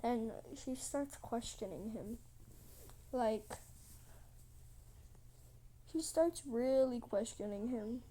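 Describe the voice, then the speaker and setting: Lady rambling thru a dragon story while drawing, slow and kinda high. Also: dark tone, rough recording. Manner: rambling, full of "like" and restarts.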